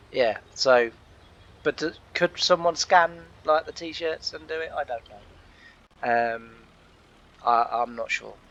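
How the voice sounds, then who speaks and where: A man's voice: medium pitch, fairly bright tone, highs cut off, a little hiss or hum. A man hosting a gaming channel, chatting casually and rambling, laughing often. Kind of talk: casual chat over gameplay.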